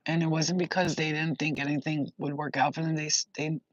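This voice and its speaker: A woman's voice: low-pitched, little pitch movement, a little fast, no room sound. Rambling young woman channeling, dull dry sound. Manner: rambling, emotional, swears and laughs a lot. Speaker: spiritual channeler. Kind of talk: casual intuitive reading.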